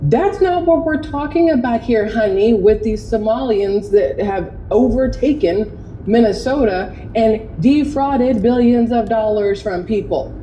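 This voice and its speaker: A woman hosts an opinion vlog with a mellow, dark-toned voice. She rambles in a chatty way and gets sarcastic and indignant, with faint noise behind her. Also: fairly high pitch, a little slow, highs cut off. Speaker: commentary host.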